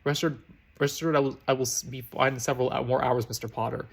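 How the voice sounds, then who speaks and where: A man voicing a stern male potions master in a fan fiction audiobook, speaking in a dry, clipped, measured way. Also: medium pitch, steady tone, creaky, husky. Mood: guarded.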